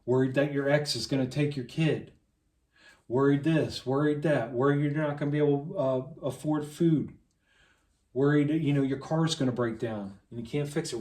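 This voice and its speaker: A man in the middle of a passionate, preachy rant, hammering on rhetorical questions and long lists of repeated phrases. His voice sits at an ordinary pitch and sounds set back from the microphone. It bounces around a reverberant room. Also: darkish tone. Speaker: vlogger. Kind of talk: impassioned monologue to camera. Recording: echoey room, mic at a distance.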